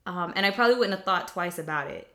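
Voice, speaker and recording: A woman's voice: on the low side, expressive, fast talker, a bit bright. A young woman talking casually and reflectively about faith, with many fillers and restarts.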